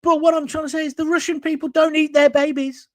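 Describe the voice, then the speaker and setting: A man's voice: very high voice, level tone, quick pace, dry recording. A man hosting a live talk show, reading out viewer comments in a blunt, combative, rambling way from a green screen studio.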